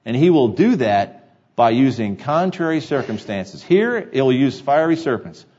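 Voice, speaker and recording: Male pastor, mid pitch, mellow tone, earnest sermon delivery, dull recording. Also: very animated, measured pace. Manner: earnest preaching, repeats key phrases for emphasis. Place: church sanctuary.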